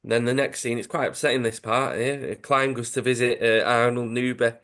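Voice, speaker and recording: A man's voice: mid-range voice, steady tone, a little fast, fairly bright tone. A man co-hosting a podcast, retelling a comic story in an enthusiastic, chatty way. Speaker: podcast co-host. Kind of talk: casual chat, retelling a comic.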